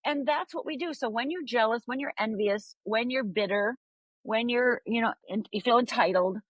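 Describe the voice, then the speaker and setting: A woman's voice: on the high side, normal speed, no echo. A woman coach on a podcast interview, telling a story animatedly and often adding "right?". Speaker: life coach guest.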